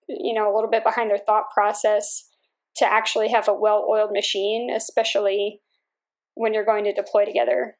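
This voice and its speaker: Young woman marine officer, kinda high voice, pretty flat delivery, talks things through calmly. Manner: measured, reflective storytelling with fillers. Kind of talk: conversational interview answer.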